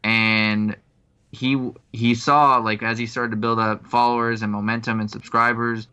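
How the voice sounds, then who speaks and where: A man's voice: medium pitch, little pitch movement, a little slow, bright, forceful tone, smooth. A man co-hosting a podcast, chatting casually and rambling with lots of filler words. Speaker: podcast co-host. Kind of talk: casual chat.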